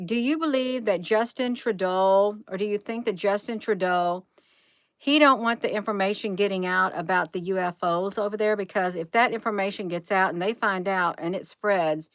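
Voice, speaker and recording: A woman's voice: medium pitch, a bit bright, dry recording. A woman hosting a casual livestream, musing aloud, reading from the screen and answering chat. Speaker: livestream host.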